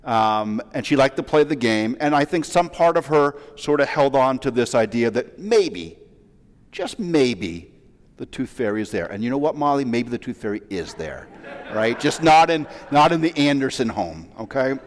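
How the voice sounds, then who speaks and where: A man in his forties, a rabbi, giving a sermon as a relaxed, self-deprecating story full of asides. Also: medium pitch, normal speed. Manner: chatty, self-deprecating, with many fillers and asides. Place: large synagogue sanctuary. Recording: long reverb of a large hall.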